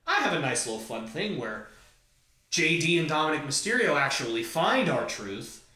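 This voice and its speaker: A man's voice: fairly high pitch, sing-song, normal speed, bright, forceful tone. A man hosting a podcast, talking through wrestling fantasy booking in an enthusiastic, joking fan way. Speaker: podcast host. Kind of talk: casual fantasy-booking talk. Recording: roomy echo, far from mic.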